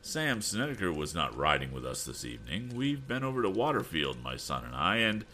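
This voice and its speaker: A man voicing a proud, puzzled middle-aged banker who speaks formally and haltingly. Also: sits low, big pitch swings, sharp tone, a little hiss or hum, heavily acted. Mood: stiff.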